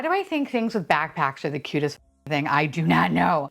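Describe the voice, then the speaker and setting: Young adult woman, excitable unboxing host, cusses casually, voice swings high and low a lot. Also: normal speed, creaky. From Florida. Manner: gushing, excitable, swears freely, sudden squeals. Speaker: unboxing vlogger.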